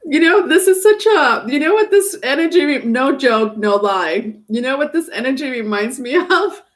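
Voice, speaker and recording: A woman's voice: high voice, animated, normal speed. A woman giving a casual live tarot reading, talking chattily and teasing her viewers, breaking into laughter often. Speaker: tarot reader.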